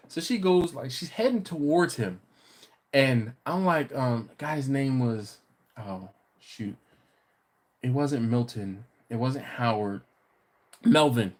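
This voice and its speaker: A man hosting a relaxed live stream from his living room. He tells stories in an animated way and laughs often, with his voice at a middle pitch. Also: measured pace. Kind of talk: casual live-stream chat.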